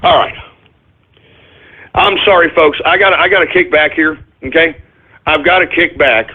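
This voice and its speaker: A man hosting his own radio show, ranting in an agitated way, repeating himself and breaking into shouts. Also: on the high side, normal speed, breathy edge. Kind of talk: ranting call-in radio monologue. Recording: phone-line quality broadcast.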